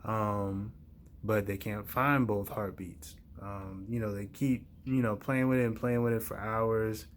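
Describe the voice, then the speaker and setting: A young man chatting casually to his viewers and telling a family story in a relaxed, rambling way, with many fillers and slang words. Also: fairly low pitch, a little slow, slight background noise. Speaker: vlogger.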